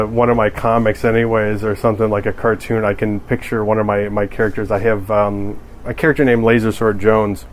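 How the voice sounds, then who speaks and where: Rambling, joking male cartoonist. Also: mid-range voice. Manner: rambling and joking, with many restarts. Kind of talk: casual podcast monologue.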